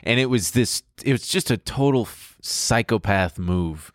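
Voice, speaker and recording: A man's voice: fairly low pitch, expressive, a little slow, dry recording, clean studio sound. A man co-hosting a podcast, chatting casually with blunt, wry asides. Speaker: podcast co-host. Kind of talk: casual chat.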